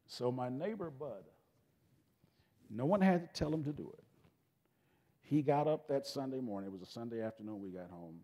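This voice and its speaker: Middle-aged guy guest speaker, folksy rambling story, mid pitch, lots of hall echo trailing off. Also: normal speed, long pauses. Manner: folksy, animated, self-interrupting, casual grammar. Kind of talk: storytelling talk to students. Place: school event space. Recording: long hall reverb.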